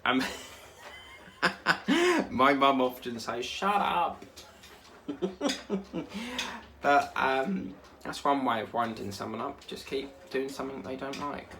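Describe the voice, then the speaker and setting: A man's voice: mid-range voice, fairly even intonation, normal speed, background noise. A man, chatting casually as a crafting vlogger while he works, rambling and easily sidetracked.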